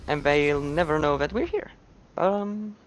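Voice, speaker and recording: A man's voice: on the high side, unhurried, a little hiss or hum. A man giving casual, joking commentary on a speedrun into a headset. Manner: relaxed, joking asides.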